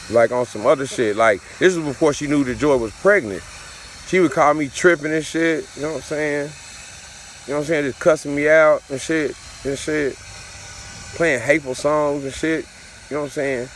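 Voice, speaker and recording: A man's voice: a little high, slight background noise. A father telling a personal story in a casual, profane, repetitive way, looping back over the same phrases.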